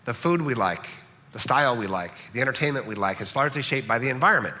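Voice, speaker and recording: A man from Southern California preaching a sermon as pastor, animated and joking, often checking in with "right?". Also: medium pitch, quick pace. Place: large church hall. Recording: echoey church hall.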